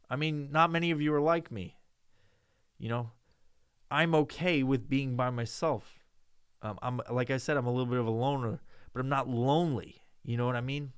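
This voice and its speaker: A man's voice: mid-range voice, fairly bright tone, clean tone, no echo, studio quality. A man from New York hosting a podcast, ranting and joking with lots of swearing in a loose monologue. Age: adult with a child. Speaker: podcast host.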